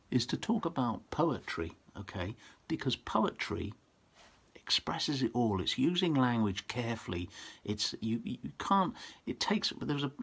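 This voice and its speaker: A middle-aged man giving pupils a chatty, informal talk on poetry, often restarting sentences and stopping to read verse aloud slowly and forcefully. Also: medium pitch, slightly rough. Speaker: poet and author visiting schools.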